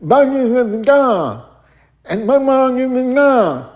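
A man impersonating a young man whose speech comes out loud, high and slurred. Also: very animated, drawn-out words, exaggerated voice. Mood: strained.

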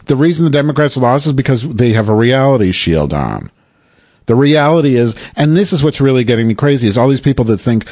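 A man holding forth in an improvised comedy rant, swearing freely and sounding fed up. His pitch sits in the middle, and the recording is dry and close. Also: expressive, fairly quick, darkish tone, no room sound. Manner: profane, exasperated ranting.

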